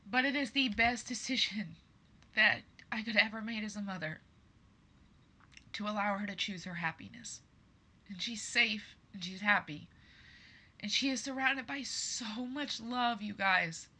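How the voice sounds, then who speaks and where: A woman in her thirties hosts a podcast in a sharp-toned, mid-range voice, speaking a little slowly. Her personal monologue is earnest and emphatic, aimed straight at listeners she calls "you guys."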